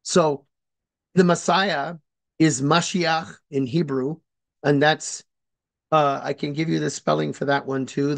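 Male lecturer, slightly high voice, unhurried and halting, explains carefully and spells words out. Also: steady tone, creaky, a bit bright. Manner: hesitant and deliberate, many fillers and restarts. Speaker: speaker on religious history. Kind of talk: informal lecture.

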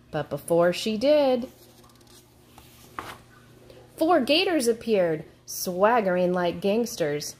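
A woman teacher reading a picture book aloud to her class, in a slow, expressive storytelling way. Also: medium pitch.

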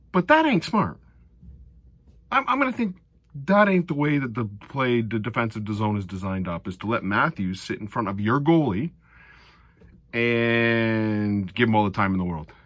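A middle-aged man giving a casual recap of a hockey game, animated and sarcastic, often exasperated. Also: fairly low pitch, no echo. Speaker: hockey fan commentator.

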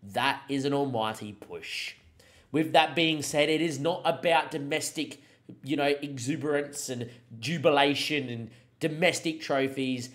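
A young man streaming a football management game, commentating the match himself and shouting at the big moments. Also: medium pitch, a little slow. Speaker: gaming streamer.

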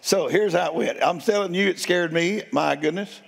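Folksy gravelly preacher with a drawl. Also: male voice, sits high, normal speed. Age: older. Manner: folksy, playful, addresses crowd as y'all. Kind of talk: sermon storytelling. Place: church sanctuary. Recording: long hall reverb.

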